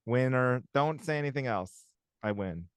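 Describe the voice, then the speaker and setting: Playful man arguing on a podcast, smooth voice. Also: medium pitch, animated, moderate pace, dry recording. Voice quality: husky, like a smoker's voice right now. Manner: playful, argumentative, jokey. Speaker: podcast co-host. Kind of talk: casual chat.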